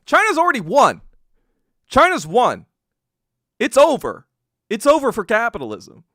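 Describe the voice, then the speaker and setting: A man's voice: extremely high pitch, wildly swooping pitch, unhurried, bright, forceful tone, no echo, clean studio sound. A man hosting a podcast, ranting casually with lots of swearing and laughing between phrases. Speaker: podcast host. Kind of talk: casual solo rant.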